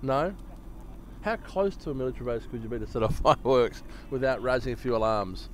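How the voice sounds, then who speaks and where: A man's voice: medium pitch, fairly quick. A man giving casual live cricket commentary, chatty and joking and often laughing.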